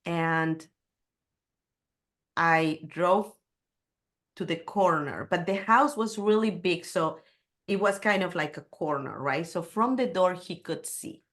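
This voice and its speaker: Middle-aged woman guest, lowish voice, candid personal storytelling with slight non-native grammar. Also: slow, long pauses, fairly bright tone.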